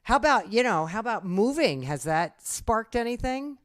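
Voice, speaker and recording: A woman's voice: on the high side, big pitch swings, normal speed, dry recording, studio quality. A woman hosting an author interview, chatty and encouraging as she asks questions. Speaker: interview host.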